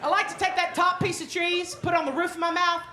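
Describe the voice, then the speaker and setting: A woman stand-up comedian, telling crude, animated stories on a comedy club stage into a handheld mic. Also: extremely high pitch, fast talker. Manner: brash, crude, animated storytelling. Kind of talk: stand-up set. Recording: echoey club with loud crowd and noise.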